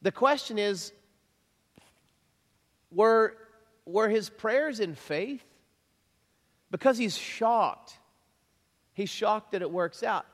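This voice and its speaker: A man preaching a conversational sermon, lively and chatty, chuckling often and repeating himself as he talks to the congregation. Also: high voice, very slow, long pauses. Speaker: pastor. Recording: long reverb of a large hall.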